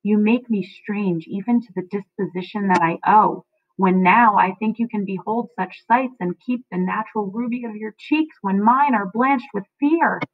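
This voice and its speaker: A woman teacher reading aloud as Macbeth, a haunted and frantic king, slowly and with a raised, louder voice. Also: lightly acted. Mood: shaken. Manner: reads the verse slowly, rising in pitch and loudness. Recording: dry, tinny phone-like sound.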